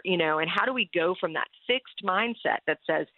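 A woman's voice: lowish voice, moderate pace, no room sound. A woman speaking as a guest coach in casual, earnest conversation, laughing often. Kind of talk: casual chat. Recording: phone-line call-in sound.

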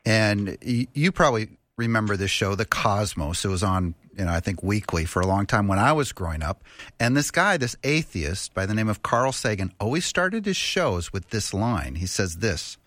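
A man's voice: on the low side, very animated, normal speed, fairly bright tone, dry recording. Earnest male guest on talk radio. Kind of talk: radio interview.

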